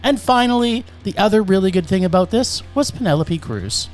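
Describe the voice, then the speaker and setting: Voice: mid-range voice, fairly quick, faint music behind. A podcast co-host giving a sarcastic, ranting movie review in casual chat. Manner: animated, sarcastic ranting critique.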